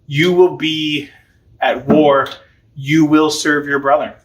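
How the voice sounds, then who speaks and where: A man's voice: fairly high pitch, level tone, takes it slowly, low-quality recording. A man doing a grave old patriarch. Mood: resigned. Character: aged patriarch father, solemn and resigned.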